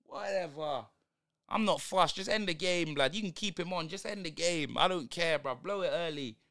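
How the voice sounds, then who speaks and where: A man's voice: a little high, moderate pace, a bit bright. A young man, ranting in slang through a live football watch-along stream. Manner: exasperated, slangy ranting at the match.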